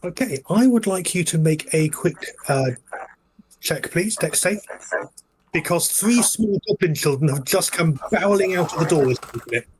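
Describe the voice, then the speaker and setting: A man's voice: a little high, expressive, moderate pace, slight background noise, rough recording. A man narrating as game master of a tabletop game, describing scenes in a rambling way full of fillers.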